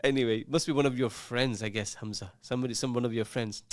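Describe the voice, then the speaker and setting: A man's voice: medium pitch, fairly even intonation, fast, dry recording, clean studio sound. A man hosting a community radio call-in show, teasing listeners and reading out their messages in a casual, jokey way. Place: radio studio.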